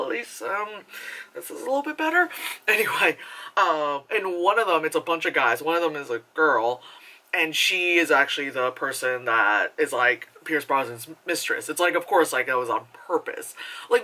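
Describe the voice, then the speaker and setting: A woman's voice: deep voice, pushed and bright. A woman giving a casual, rambling movie review, full of filler words and swearing.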